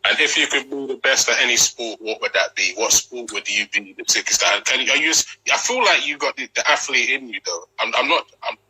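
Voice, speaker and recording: A man's voice: medium pitch, brisk, hardly any pauses, pushed and bright, husky, poor audio. A man hosting a casual interview show, enthusiastic and slangy, often restarting his sentences. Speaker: host.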